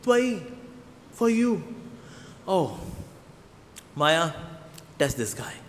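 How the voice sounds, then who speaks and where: A man's voice: fairly high pitch, big pitch swings, extremely slow, fairly bright tone. A man preaching a sermon, telling stories animatedly with playful asides. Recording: long hall reverb.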